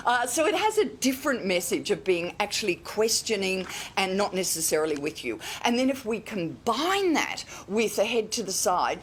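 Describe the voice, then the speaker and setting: A woman's voice: mid-range voice, big pitch swings, moderate pace, few pauses, slight background noise. An Australian woman from Queensland, a communication expert, explaining emphatically on a morning TV show, swooping her voice to demonstrate points.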